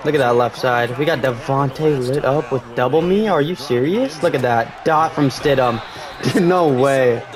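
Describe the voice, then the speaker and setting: Excitable young man yelling over a game. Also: medium pitch, normal speed, a crowd in the background. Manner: excitable, swears, yells at big plays. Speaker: gaming streamer. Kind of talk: live game commentary.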